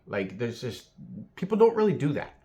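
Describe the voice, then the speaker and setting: Animated rambling man telling a story. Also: medium pitch, normal speed. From Southern California. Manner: filler-heavy, animated, acts out quoted voices. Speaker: vlogger.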